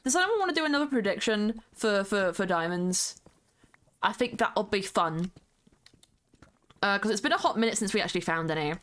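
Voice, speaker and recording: A woman's voice: mid-range voice, lively intonation, normal speed, long pauses, a bit bright. A woman streamer chatting casually with viewers while she plays, greeting them by name and humming along to music. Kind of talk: casual live-stream chat while playing a game.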